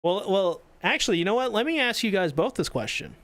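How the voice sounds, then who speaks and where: A man's voice: sits high, big pitch swings, a little fast, fairly bright tone. A man co-hosting a podcast in casual chat, teasing his co-hosts and reading out comments from the live chat. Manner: teasing, jumps in and reads chat aloud. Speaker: podcast co-host.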